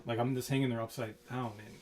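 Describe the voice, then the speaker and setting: A man co-hosting a casual radio talk show, telling a story in a relaxed, hesitant way. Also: medium pitch, quick pace. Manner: easygoing storyteller, hesitant with fillers. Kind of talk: casual chat. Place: small home studio.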